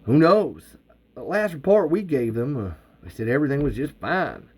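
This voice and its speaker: A man's voice: on the high side, expressive, normal speed, a little mellow, husky. A man voicing an easygoing male handyman who talks in a casual, offhand way.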